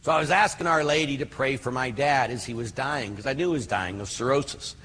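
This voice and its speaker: A man's voice: medium pitch, fairly quick, fairly bright tone, slight background noise. An older man, a priest, teaching about prayer in an earnest, conversational way, full of fillers and digressions. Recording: hall reverb.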